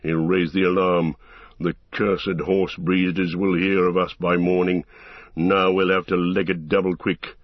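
A man's voice: low-pitched, flat delivery, unhurried, no echo. A man growling as a brutal orc captain. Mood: scornful. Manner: growling, barking orders. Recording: dull, muffled audiobook recording.

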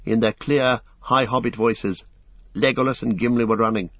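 A man narrating a fantasy storybook in a measured, even way. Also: mid-range voice, no room sound, muffled recording. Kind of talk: storybook reading.

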